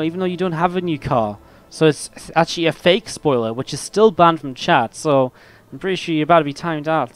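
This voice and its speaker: Man, esports caster, smooth clear voice, slightly high, rambling chatty banter, faint background music. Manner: rambling, chatty, laughs at own stories. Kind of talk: solo game commentary with chat banter.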